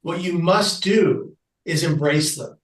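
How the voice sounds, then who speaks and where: A man telling a personal story as a podcast guest, animated and acting out the people he quotes. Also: fairly high pitch, takes it slowly, echoey room, recorded from a distance, rough recording.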